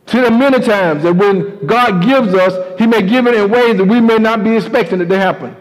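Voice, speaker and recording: High-voiced man preaching. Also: fairly quick, few pauses, in a large hall, poor audio. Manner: emphatic, repeats key lines. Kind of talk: sermon storytelling.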